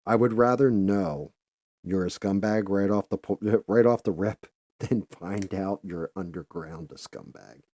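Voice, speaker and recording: A man's voice: fairly low pitch, a little slow, a little mellow. A middle-aged man hosting a podcast, telling a rambling, profane story in a casual monologue. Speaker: podcast host.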